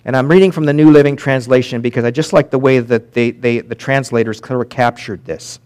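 A man preaching a sermon as pastor, swinging from loud emphatic peaks to quiet drops and slowing down to read scripture aloud. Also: medium pitch. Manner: animated preaching, rising and dropping sharply for emphasis.

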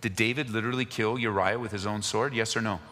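A man preaching a sermon, reading scripture aloud and speaking directly to the congregation, moving from raised, urgent pleas to low, quiet asides. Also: steady tone, fast. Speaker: pastor. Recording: long hall reverb.

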